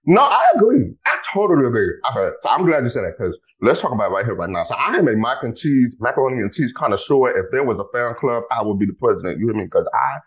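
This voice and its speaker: Bubbly, animated young man host. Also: medium pitch, racing, hardly any pauses, low-quality recording. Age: 20s. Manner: bubbly, animated, lots of exclamations. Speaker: podcast host. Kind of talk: excited casual podcast chat.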